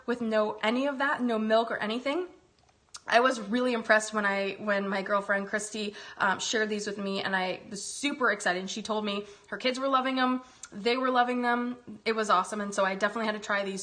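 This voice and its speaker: A woman's voice: mid-range voice, pushed and bright. A woman hosting a casual live cooking demo, upbeat and gushing with chatty asides. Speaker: host demonstrating a recipe.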